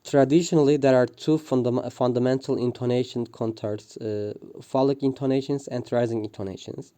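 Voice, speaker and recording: A man reads a prepared linguistics presentation, pausing often with "uh" and restarting words. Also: medium pitch, fairly even intonation, dark tone. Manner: hesitant, frequent "uh" fillers and restarts. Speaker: student presenter.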